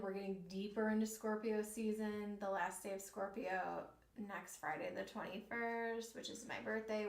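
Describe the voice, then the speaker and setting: Chatty woman reading tarot live. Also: mid-range voice. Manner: chatty, reads viewer comments aloud; talks straight to her viewers as a group. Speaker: tarot reader. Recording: roomy, distant mic, faint noise.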